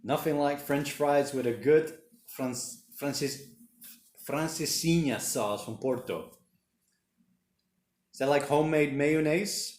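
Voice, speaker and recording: A man's voice: on the high side, slow, pauses often, a little mellow, reverberant. A man hosting a casual livestream, rambling and reading viewer comments aloud. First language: Portuguese. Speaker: livestream host reading chat. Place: home room during lockdown.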